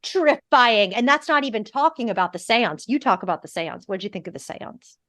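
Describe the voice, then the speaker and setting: A woman co-hosting a podcast, chatting casually about a film, gushing and animated, now and then swearing. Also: on the high side, brisk, no echo, clean studio sound. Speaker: podcast co-host. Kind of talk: casual film review chat.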